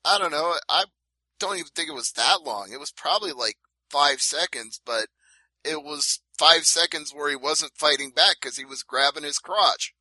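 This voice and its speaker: A man's voice: a little high, moderate pace, sharp tone, no room sound, low-quality recording. A man co-hosting a casual fight-sports podcast, laying out events step by step with emphasis. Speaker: podcast co-host. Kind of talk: casual MMA talk.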